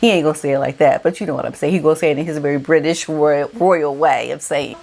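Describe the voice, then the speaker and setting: A woman's voice: deep voice, fast, vocal fry, hardly any pauses, darkish tone. A woman vlogger giving casual celebrity gossip commentary, emphatic and colloquial, repeating key words for effect.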